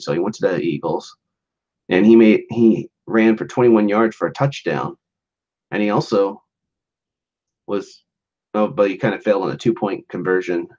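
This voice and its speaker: A man with a fairly low voice talks through a casual solo podcast. He rambles loosely, packing in fillers and false starts and chuckling along the way. The recording is dull and lo-fi. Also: normal speed, a little mellow. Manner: rambling, lots of "like" and restarts, chuckles often. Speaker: podcast host.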